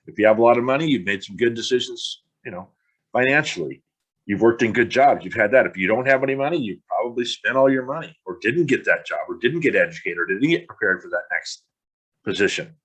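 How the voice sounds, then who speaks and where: A middle-aged man with a fairly low voice, talking straight into the mic in a blunt monologue. He sounds frustrated and curses freely as he pushes the listener to stop making excuses. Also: lively intonation, a little fast, a bit bright, slightly rough. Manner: blunt, frustrated, swears casually. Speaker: podcast host. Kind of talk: motivational podcast monologue.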